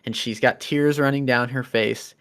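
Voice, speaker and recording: A man's voice: mid-range voice, normal speed, clean tone. A man running a tabletop role-playing game as game master, explaining rules and narrating scenes. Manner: relaxed, explaining rules, many fillers.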